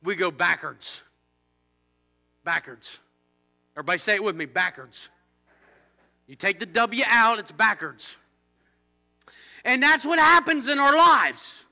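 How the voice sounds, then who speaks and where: A man preaching a fervent church sermon, swinging between low, intense warnings and loud shouted exclamations. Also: expressive, moderate pace, soft background music. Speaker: pastor.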